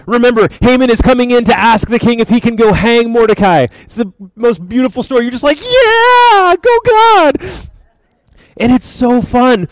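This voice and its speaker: A man preaching a sermon, retelling a story in a lively, conversational way. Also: very high voice, fairly quick, hardly any pauses, no room sound, poor audio. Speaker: pastor.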